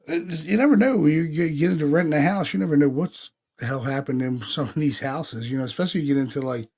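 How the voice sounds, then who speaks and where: A man from Pennsylvania hosting a podcast, telling stories in a casual, animated way, acting out quotes and swearing freely. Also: a little high. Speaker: paranormal podcast host. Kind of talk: casual storytelling chat.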